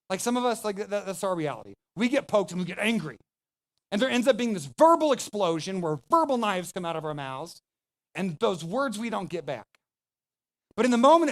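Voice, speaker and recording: A man pastor preaching a sermon, speaking emphatically and conversationally, addressing the congregation directly. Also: sits high.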